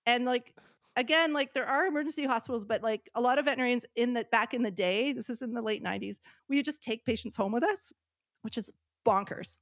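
A woman in her fifties, a podcast guest, telling a story in casual chat. She talks in an animated way, laughs often and acts out what people said. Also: on the high side, fast, no echo, studio quality. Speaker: podcast guest, veterinary surgeon.

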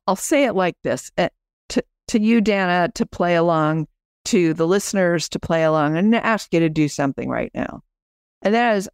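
A woman's voice: lowish voice, clean tone, dry recording, studio quality. A woman podcast host and business coach, chatting as she explains her program and guides listeners through an exercise.

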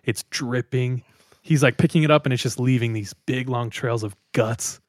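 Animated young man telling a story. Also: mid-range voice, moderate pace, dry recording, studio quality. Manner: animated, laughs often, acts out quoted people. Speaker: podcast host. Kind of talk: casual storytelling among friends.

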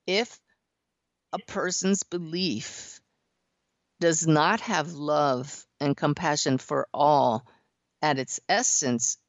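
Lowish, gentle woman radio host. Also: no echo. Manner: gentle, earnest, reassuring. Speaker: radio show host taking callers. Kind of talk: spiritual call-in talk. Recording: dry, slightly dull radio sound.

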